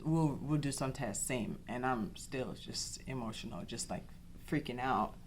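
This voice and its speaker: A young woman hosting a podcast, telling a personal story in an animated way, acting out the dialogue and often repeating herself. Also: rumbling low, measured pace, slight background noise. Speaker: podcast host.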